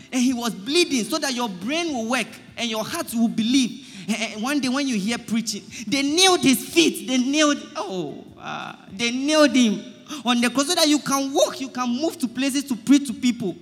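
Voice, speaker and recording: A man's voice: very high-pitched, in a large hall. A man, preaching to his friends in a comedy skit, pleading, stammering over his words and quoting scripture. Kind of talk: comic street-style preaching.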